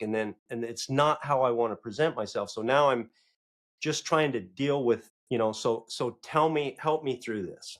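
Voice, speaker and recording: A middle-aged man hosting a podcast, telling a story in a halting way, with restarts, repeated words and self-criticism. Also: mid-range voice. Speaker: podcast host. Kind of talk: casual conversation.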